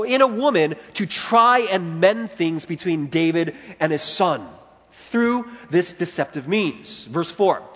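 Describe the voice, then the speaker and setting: A man's voice: high voice, a bit bright, long reverb tail. A man preaching an expository sermon, explaining and retelling scripture with emphasis. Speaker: pastor.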